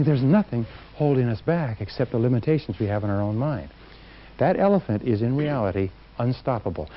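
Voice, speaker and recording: Emphatic male motivational speaker, lo-fi. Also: medium pitch. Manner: emphatic, acts out quotes. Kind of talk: seminar talk to a live audience. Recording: dull lo-fi recording.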